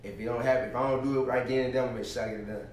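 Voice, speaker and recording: A man's voice: mid-range voice, fairly even intonation, rapid-fire, a little mellow, slight background noise. A man, talking casually and with slang as an interview guest. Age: 20s. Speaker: guest, YouTuber. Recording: echoey room, far from mic.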